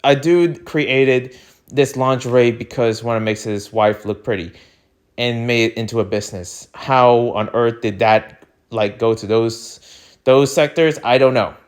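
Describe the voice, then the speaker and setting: A young man hosting his own channel, ranting in an exasperated, animated way that swings between loud outbursts and low muttering. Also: unhurried. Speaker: webtoon reading channel host. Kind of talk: ranting to camera.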